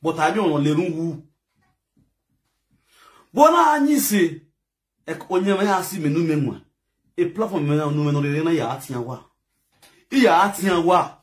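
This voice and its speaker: Angry Nigerian man ranting, high voice. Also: animated, moderate pace, pauses often. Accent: Nigerian, Edo. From Edo State, Nigeria. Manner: heated, scolding, mixes pidgin with local language, bursts into shouting. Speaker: social media commentator. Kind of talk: angry online rant.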